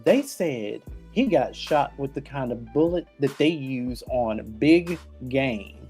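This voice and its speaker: A man's voice: mid-range voice, animated, slow pace, darkish tone, faint music behind. A man hosting a podcast, delivering a blunt, emphatic and profane opinion rant. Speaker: podcast host.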